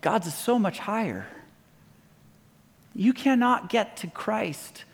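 High-voiced man preaching in a reverberant hall. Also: animated, slow, gravelly, slightly rough. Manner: conversational storytelling, acting out quoted voices. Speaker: pastor. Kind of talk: sermon.

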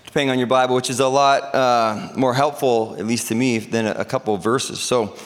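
A man's voice: medium pitch, fairly even intonation, brisk, big-room sound. A man preaching a sermon as pastor, talking in a conversational, joking way with asides and restarts.

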